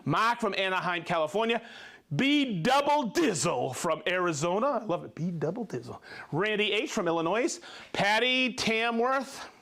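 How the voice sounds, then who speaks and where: Upbeat male livestream host, high voice, reads viewer shout-outs quickly. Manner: upbeat, rattles off names and places, stumbles on pronunciations.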